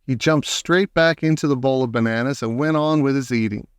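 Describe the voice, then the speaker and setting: A man narrating a children's novel aloud in a steady storytelling manner. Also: mid-range voice, a little fast, clear, resonant tone, dry recording, studio quality. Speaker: audiobook reader. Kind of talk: scripted narration.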